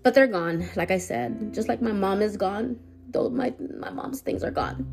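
Gravelly, halting woman podcaster. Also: mid-range voice, a little mellow, faint music behind. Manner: halting, hesitant, full of restarts. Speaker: podcast host. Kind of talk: personal podcast monologue.

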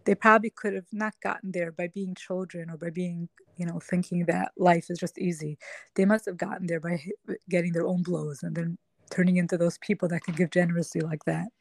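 A woman's voice: on the low side, steady tone, a little fast, creaky, no room sound. A woman who is a podcast guest, telling a personal story in a reflective, emotional way.

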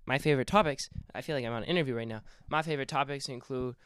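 A man's voice: mid-range voice, racing, fairly bright tone, clean tone. A playful young man hosting a casual comedic podcast, joking around and telling puns. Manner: playful, jokey, freestyles and puns. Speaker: podcast host.

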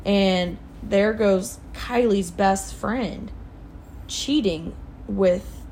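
A woman's voice: medium pitch, very slow, darkish tone, slight background noise. A young woman co-hosting a podcast, telling pop-culture gossip in a chatty, casual way. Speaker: podcast co-host. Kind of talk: casual chat.

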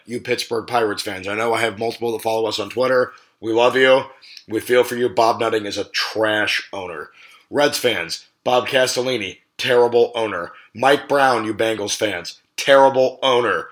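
A man's voice: mid-range voice, a bit bright. Blunt, profane man ranting about sports. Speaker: sports podcast host. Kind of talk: casual ranting sports talk.

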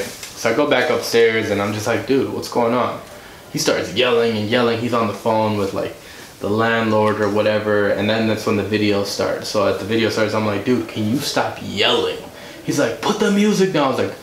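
A man, a podcast guest, telling a story in a casual way and acting out the voices of the people in it. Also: fairly low pitch. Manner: animated, acts out quoted dialogue. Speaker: podcast guest, music director and producer. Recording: roomy room, faint noise.

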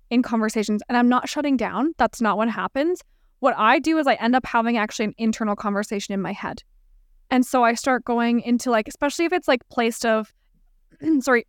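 Smooth-voiced woman, reflective podcast talk. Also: fairly high pitch, no room sound, clean studio sound. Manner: reflective, many fillers like "like". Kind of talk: casual podcast conversation.

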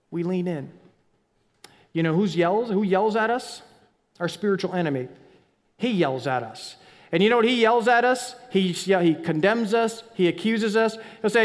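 High-voiced preacher in a reverberant hall. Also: male voice. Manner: dynamic preacher, drops to whispers and rises to near-shouts. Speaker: pastor. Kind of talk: sermon.

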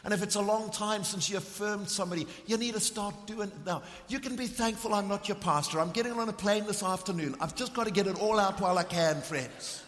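A middle-aged man preaches with fervent conviction, his voice sitting fairly high for a man. He swings between ringing emphasis and hushed, intense moments. The sound carries a long reverb from a large church hall. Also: quick pace, hardly any pauses. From South Africa. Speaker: visiting preacher. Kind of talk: sermon with storytelling.

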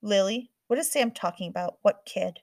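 A woman's voice: mid-range voice, normal speed, no echo, clean studio sound, lightly acted. A woman reading the part of a worried, stern mother scolding her daughter, firm and exasperated. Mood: concerned.

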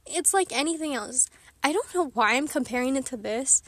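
A woman's voice: high-pitched, expressive, moderate pace, no echo. A young woman talking frankly to her viewers in a rambling, casual way, often laughing. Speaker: vlogger. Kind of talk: candid casual chat to camera.

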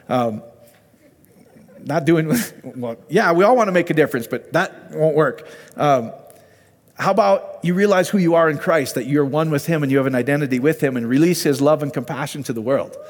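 A man's voice: on the high side, in a large hall. A man giving an informal, conversational sermon and Bible teaching, often asking his listeners questions.

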